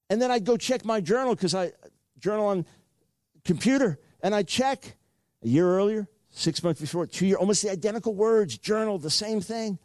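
Older man, preacher, sermon, earnest, repeats phrases, high voice, dry close sound. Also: animated, moderate pace, a little mellow, no echo. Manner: earnest storytelling with frequent repeats.

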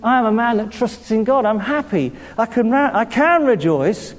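A man with a southern English accent preaching a sermon to a congregation in a church hall. He talks in a lively way, laughs often and calls out to the room for responses. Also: extremely high pitch, normal speed. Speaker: pastor. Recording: long reverb of a church hall.

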